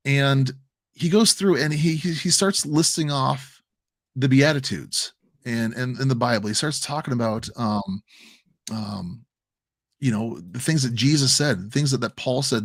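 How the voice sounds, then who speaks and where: A man's voice: mid-range voice, moderate pace, slightly rough, no echo. Earnest man telling a rambling story. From American Midwest. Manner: emotional, rambling storytelling with many restarts. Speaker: crypto stream co-host. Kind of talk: casual livestream chat.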